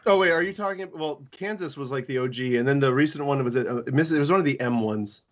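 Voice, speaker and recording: A man talking as a legal expert guest on a podcast, sarcastic and animated, acting out quotes as he explains. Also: mid-range voice, quick pace, muffled recording. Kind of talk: casual podcast discussion.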